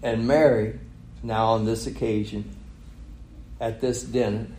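A man's voice: on the low side, little pitch movement, slow, darkish tone, reverberant, a little hiss or hum, low-quality recording. A man preaching a sermon, retelling a story with chuckles and rhetorical questions. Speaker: pastor.

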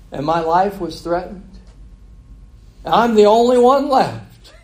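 Guy doing a scared prophet whining in his own defense, higher voice. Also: expressive, slow. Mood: defensive. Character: frightened, self-pitying male prophet.

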